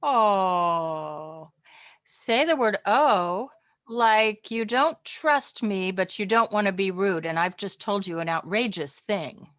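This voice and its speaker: A woman teaching a college communication class online from home, chatty and lively, acting out different tones of voice. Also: mid-range voice, a little slow.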